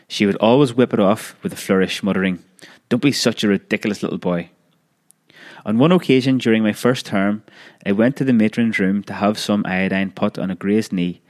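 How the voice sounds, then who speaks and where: A man reading a childhood memoir aloud in a measured storytelling manner, with occasional small restarts. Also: lowish voice, a little mellow. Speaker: narrator.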